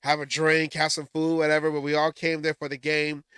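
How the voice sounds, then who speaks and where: A man hosting a casual sports chat has a bright, smooth voice pitched a little high. He stammers and restarts as he talks. The sound is dry, with no room echo. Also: completely flat delivery, brisk.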